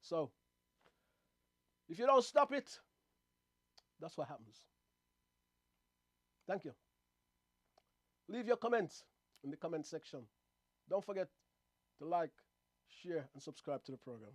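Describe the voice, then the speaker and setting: A man's voice: on the high side, expressive, unhurried, pauses often, no echo. A man hosting a casual monologue show, rambling and repeating words as he talks to his viewers. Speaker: host.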